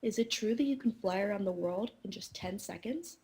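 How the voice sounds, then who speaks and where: Bold young storybook princess, flattering and sharp, read by a woman. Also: mid-range voice, brisk, lightly acted. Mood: sly.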